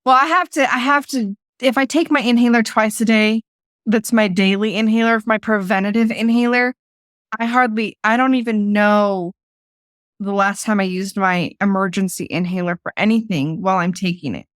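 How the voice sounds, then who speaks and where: A woman's voice: mid-range voice, normal speed, no room sound, clean studio sound. A woman hosting a podcast in casual chat, talking freely and laughing often as she restarts her sentences. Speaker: podcast host.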